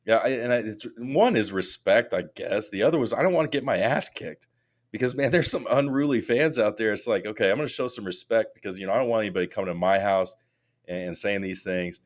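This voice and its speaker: A man co-hosting a casual podcast, telling animated stories that rise into loud mock rants. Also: lowish voice, fast talker. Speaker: podcast co-host.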